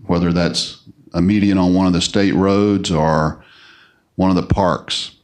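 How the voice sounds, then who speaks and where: A man's voice: low-pitched, a little mellow. A man presenting service awards at a city council meeting, speaking unhurriedly with frequent fillers. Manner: unhurried, halting with many fillers. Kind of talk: formal ceremony remarks with casual asides. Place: council chamber.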